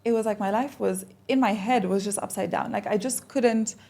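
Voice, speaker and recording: A young woman, a podcast guest, telling a personal story in a casual, animated way and acting out the conversations she recalls. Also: medium pitch, moderate pace, creaky. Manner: animated, acts out quoted exchanges.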